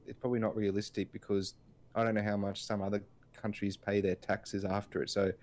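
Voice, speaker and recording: A man's voice: fairly low pitch, little pitch movement, fairly quick, a little mellow. A man co-hosting a casual podcast, rambling through his points with lots of filler words and restarts. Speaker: podcast co-host. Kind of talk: casual chat.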